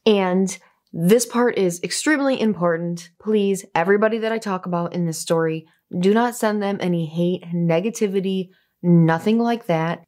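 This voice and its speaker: A woman's voice: medium pitch, darkish tone. A woman hosting a commentary vlog, talking in a chatty, offhand way with filler asides. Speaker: commentary channel host.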